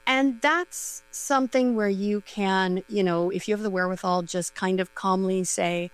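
A woman's voice: medium pitch, normal speed, hardly any pauses, low-quality recording. A middle-aged woman, a sexuality educator, chatting casually and giving advice with lots of fillers and light laughs.

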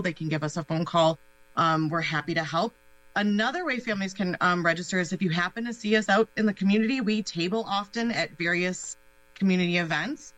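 A woman's voice: fairly low pitch, a bit bright, rough recording. A woman speaking as a guest on a local radio show, upbeat and explaining a program, with many "um" fillers. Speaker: guest, nonprofit special projects director. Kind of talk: casual radio interview.

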